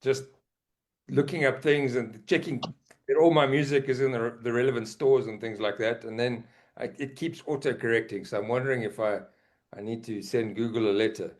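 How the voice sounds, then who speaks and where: A South African man talking easily as a podcast guest. He sounds relaxed and pokes fun at himself, and he is quick to laugh. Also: mid-range voice. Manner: laid-back, self-deprecating, laughs easily. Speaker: guest musician. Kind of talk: casual podcast chat.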